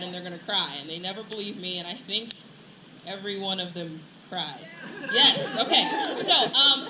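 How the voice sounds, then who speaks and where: A woman teacher giving a warm, teasing graduation speech, laughing often and close to tears. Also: mid-range voice. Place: outdoor ceremony with crowd. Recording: echoey outdoor sound with crowd and noise.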